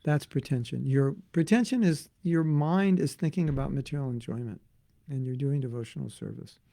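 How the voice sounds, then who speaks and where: A man giving a devotional class as a spiritual teacher, talking in an animated, conversational way and acting out voices. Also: medium pitch, normal speed, creaky. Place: Alachua, Florida.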